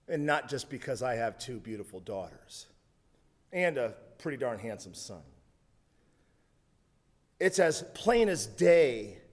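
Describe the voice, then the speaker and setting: A man preaching a sermon, telling a humorous story with asides. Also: mid-range voice. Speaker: pastor.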